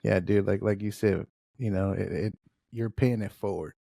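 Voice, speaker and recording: A man's voice: fairly low pitch, fairly even intonation, normal speed, vocal fry, warm tone, no echo, clean studio sound. A man hosting a podcast in casual chat, easygoing and peppering his talk with "dude" and "man.". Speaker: podcast host.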